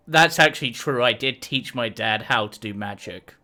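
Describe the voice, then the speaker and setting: A man's voice: mid-range voice, normal speed, pushed and bright. A man playing a tabletop role-playing game, speaking in a wry tone and laughing easily. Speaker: player.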